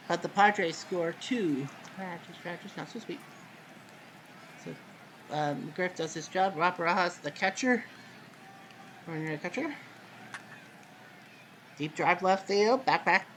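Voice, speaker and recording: A man hosting casual play-by-play commentary of a simulated baseball game, relaxed and chatty, with sudden loud calls on big plays. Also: on the high side, slight background noise.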